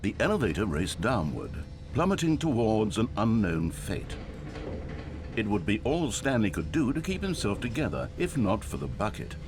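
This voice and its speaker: A man's voice: fairly low pitch, very animated, normal speed, over music. An actor playing a dry, ironic male narrator of a video game, speaking with mock solemnity. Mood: wry.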